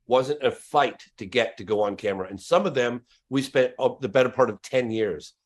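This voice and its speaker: A man's voice: mid-range voice, fairly quick, hardly any pauses. A man who is a documentary filmmaker, talking as a guest in a casual podcast interview with emphatic, insistent stress on his words.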